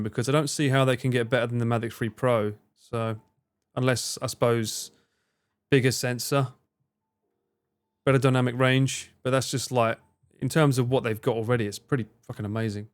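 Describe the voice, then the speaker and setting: A livestreamer chats casually, rambling and swearing now and then as he reads out and answers viewers' messages. His voice is medium-pitched and fairly quick.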